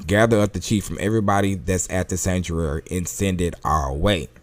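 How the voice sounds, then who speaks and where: A man's voice: deep voice, steady tone, brisk, lightly acted. Piccolo, a man reading as a stern, insistent mentor.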